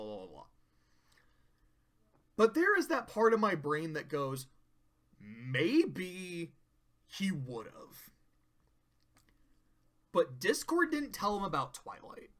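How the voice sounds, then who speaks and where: Brief: male reviewer, loose profane recap, fairly high voice, bright and forceful tone. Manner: rambling, profane, self-interrupting. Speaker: cartoon episode reviewer. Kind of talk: casual recap commentary.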